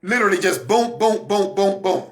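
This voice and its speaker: A man's voice: sits high, steady tone, moderate pace. A man giving a Christian teaching talk, emphatic and repetitive, coaching his listeners directly. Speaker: broadcast minister.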